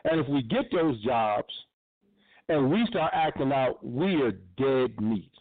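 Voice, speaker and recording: A man's voice: mid-range voice, lively intonation, slow pace, no room sound. A man hosting a radio show, giving blunt, profane, impassioned commentary. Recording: tinny phone-line sound.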